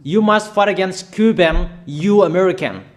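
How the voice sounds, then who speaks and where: Man, preacher, slightly high voice, emphatic proclamations, repetitive, halting fillers. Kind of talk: prophetic declaration sermon.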